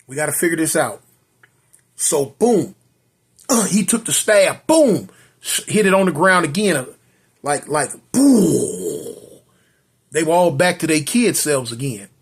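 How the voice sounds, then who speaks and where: Guy spinning a story, husky and kinda high, laid back, throws in boom sounds. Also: big pitch swings, slow pace. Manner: loose, conversational, dramatic sound effects. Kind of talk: spoken serial story.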